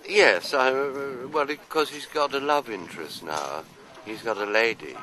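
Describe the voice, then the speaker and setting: Bright-voiced older man from London. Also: mid-range voice, unhurried, rough recording. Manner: chatty, anecdotal, self-deprecating. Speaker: actor interviewee. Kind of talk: casual interview answers.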